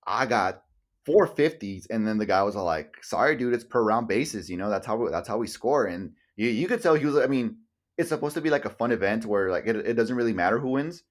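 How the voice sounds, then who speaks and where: A man's voice: fairly low pitch, expressive, a little fast. A young man co-hosting a casual podcast, rambling with lots of "like", swearing freely and acting out what others said. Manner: rambling, full of "like", swears casually, acts out quotes. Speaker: podcast co-host. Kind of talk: casual chat.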